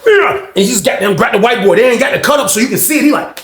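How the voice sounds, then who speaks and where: A man casually telling a story, profane and animated, acting out voices and sound effects, in a roomy-sounding recording. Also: high-pitched, rapid-fire. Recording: roomy echo.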